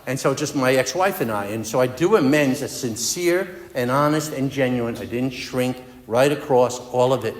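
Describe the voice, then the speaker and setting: A man's voice: medium pitch, normal speed, hardly any pauses. A man giving a personal recovery talk at a meeting, telling his story in an earnest, conversational way. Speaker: AA speaker. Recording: echoey hall with long reverb.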